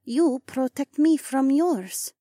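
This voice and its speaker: A naive female alien with a high, strange-sounding voice, put on by a man reading an audiobook. She speaks slowly in formal, literal sentences. The recording is dry and close. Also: warm tone, no echo. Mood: grateful. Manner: halting, formal, literal speech. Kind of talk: audiobook character voice.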